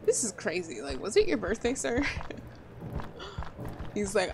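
A woman's voice: a little high, big pitch swings, slow pace, noisy background. A woman playing a game and reacting aloud with crude jokes as she goes. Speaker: gamer. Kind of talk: let's play commentary.

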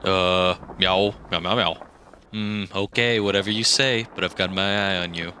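A young man voicing a bumbling, easily flustered elderly man in an amateur comedy skit, over loud music. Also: low voice, fairly even intonation, normal speed, background noise, lightly acted. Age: young adult.

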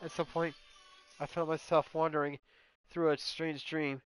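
A man's voice: a little high, level tone, unhurried, clean tone. A man hosting a let's play, reading the game narration aloud with crude, jokey asides. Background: game music.

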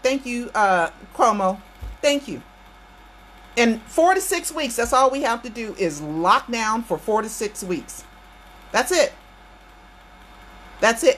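A woman's voice: a little high, a bit bright, slight background noise. Fired-up American woman vlogger. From United States. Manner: emphatic, repeats phrases, addresses viewers directly. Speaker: channel host. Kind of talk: impassioned political rant to viewers.

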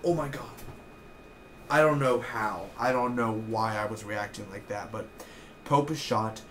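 A young man giving an excitable, rambling casual review of a TV episode, with lots of fillers. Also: fairly low pitch, normal speed, a little hiss or hum.

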